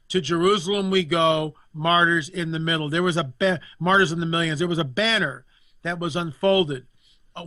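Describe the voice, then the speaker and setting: An indignant man holds forth as a guest commentator, hammering points home with repetition. His voice sits a little high and comes across bright and forceful. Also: dry recording. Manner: emphatic, indignant, repeats phrases for effect. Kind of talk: impassioned political talk.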